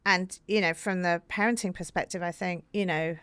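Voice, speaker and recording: A woman from Britain, an author guest in a podcast interview, talking earnestly with many fillers and animated storytelling. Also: fairly low pitch, normal speed, smooth, dry recording.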